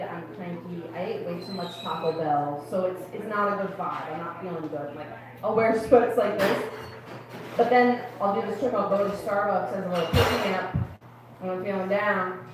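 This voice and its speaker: A woman's voice: medium pitch, heavy reverb, distant mic, rough recording. A young woman doing chatty, confiding stand-up comedy at an open mic in a club. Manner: chatty, confiding, quick asides.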